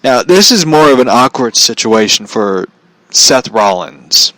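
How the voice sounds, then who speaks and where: A man's voice: mid-range voice, very animated, measured pace, pushed and bright, no room sound, low-quality recording. A man ranting bluntly in a casual commentary vlog, swearing freely and often laughing at his own points. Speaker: vlogger.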